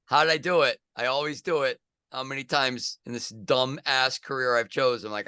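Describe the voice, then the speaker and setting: A middle-aged man co-hosting a casual sports podcast, jokey and animated, with loud excited outbursts. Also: mid-range voice, a little fast, clean tone, no room sound, studio quality. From United States. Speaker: podcast co-host.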